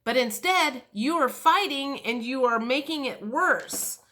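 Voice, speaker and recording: A woman's voice: high voice, expressive, unhurried, pushed and bright. A middle-aged woman giving a casual, rambling tarot reading, frank and swearing, with many restarts and fillers. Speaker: tarot reader.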